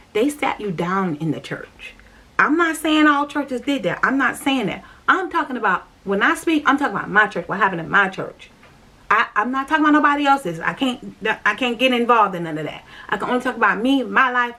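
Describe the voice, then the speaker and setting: Husky-voiced woman, middle-aged, telling her church story to the camera, earnest and repetitive. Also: medium pitch, a bit bright. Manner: earnest and repetitive, speaking straight to viewers. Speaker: vlogger sharing her faith journey. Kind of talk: personal testimony storytelling.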